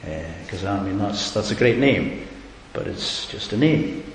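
Guy giving a sermon, lowish voice, gets emphatic with his questions, big echoey hall. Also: animated, a little slow. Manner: earnest, rising to emphatic repeated questions. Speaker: preacher. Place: church hall. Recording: echoey hall with faint hiss.

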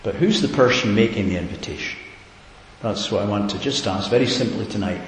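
A man's voice: fairly low pitch, a little fast. Man preaching in an echoey hall. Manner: earnest, rising to emphatic repeated questions. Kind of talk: sermon. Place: church hall. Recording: echoey hall with faint hiss.

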